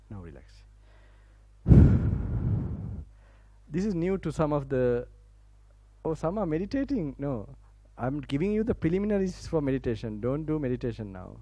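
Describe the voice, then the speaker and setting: In a university hall on campus, a Buddhist monk from Sri Lanka delivers a Dhamma talk in Sri Lankan-accented English, Sinhala being his native tongue. The voice sits on the high side with a dark tone, and the audio is poor but free of echo. He keeps it casual, laughing frequently and repairing broken phrases as he walks listeners through relaxation.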